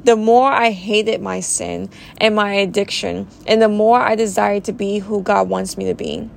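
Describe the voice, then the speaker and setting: Woman podcast host, earnest and emotional testimony, creaky mid-pitched voice, faint noise behind. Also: steady tone, moderate pace. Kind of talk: personal faith testimony.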